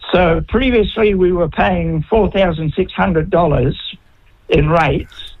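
Older kiwi guy calling in, high voice, real slow, muffled phone line. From New Zealand. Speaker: caller. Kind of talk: talkback call.

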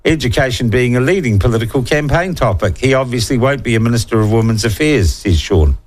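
A man's voice: mid-range voice, animated, fairly quick. A male talkback radio host with a New Zealand accent, talking in a blunt, irreverent way. He chats through the issues of the day and reads out listener texts in an easy, opinionated tone.

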